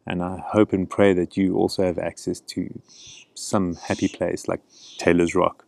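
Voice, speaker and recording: A middle-aged man teaching gentle breathing practice outdoors, speaking in a calm, encouraging way. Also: low-pitched, a little slow, creaky, dry recording. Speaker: breathing coach. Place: outdoors in a canyon.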